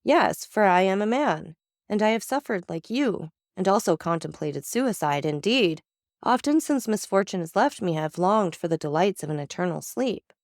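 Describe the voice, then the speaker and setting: A woman's voice: medium pitch, animated, normal speed, a little mellow, dry recording, clean studio sound, close to an everyday voice. A woman voicing a mysterious, commanding nobleman in a storybook reading, solemn and persuasive.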